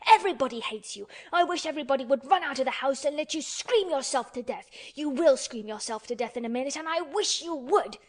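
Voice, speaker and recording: A woman's voice: fairly high pitch, moderate pace, lightly acted. Woman voicing a furious, bossy little girl. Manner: shouting, scolding, stamping.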